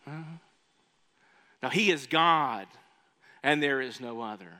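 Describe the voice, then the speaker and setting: A male pastor preaching a sermon, often asking the congregation questions and shifting his loudness. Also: mid-range voice, unhurried, pauses often. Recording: long reverb of a large hall.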